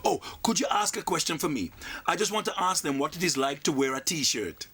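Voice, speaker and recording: A man cutting in with cheeky, deadpan comic requests. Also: fairly high pitch, a little fast, slight background noise. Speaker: comic interrupter. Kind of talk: comedy sketch interjections.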